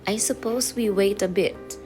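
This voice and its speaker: A woman reading the lines of a polite, well-spoken teenage boy in a measured way. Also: high-pitched, steady tone, darkish tone, soft background music. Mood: calm.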